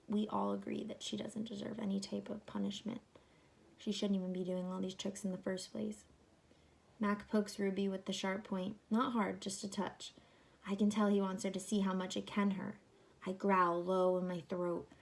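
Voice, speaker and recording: A woman's voice: medium pitch, gravelly, slight background noise, poor audio. Teacherly woman reading to kids. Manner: warm teacherly, explains to kids. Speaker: book club host reading to children. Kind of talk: children's read-aloud with discussion.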